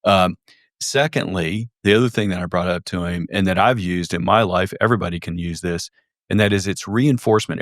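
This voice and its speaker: A man hosting a podcast and working as a sales trainer, talking in a measured, reflective way and sharing anecdotes from his sessions. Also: low-pitched, no echo, studio quality. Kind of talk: casual podcast conversation.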